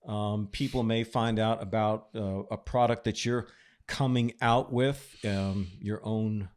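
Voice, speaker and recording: A man with a lowish voice hosts a podcast in a relaxed, casual way. He tells stories with plenty of energy and breaks into laughter often. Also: unhurried, smooth. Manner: animated storyteller, laughs often. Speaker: podcast host. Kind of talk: casual chat.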